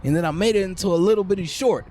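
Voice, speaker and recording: A man with a high voice hosts a loose, casual podcast chat. He laughs easily and stumbles into repeated words as he searches for what to say. A faint noise sits under the recording. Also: very fast, mellow. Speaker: podcast host.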